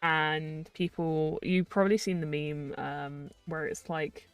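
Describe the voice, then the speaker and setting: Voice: medium pitch, little pitch movement, slow, clean tone, no room sound, faint music behind. A streamer in their twenties, chatting casually on a live stream in a rambling, filler-heavy way with frequent laughs.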